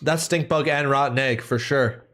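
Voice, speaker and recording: A man's voice: mid-range voice, normal speed, a bit bright. A man streaming a video game live, joking around and talking to his chat between gameplay. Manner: playful, jokey, talks to chat. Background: game music.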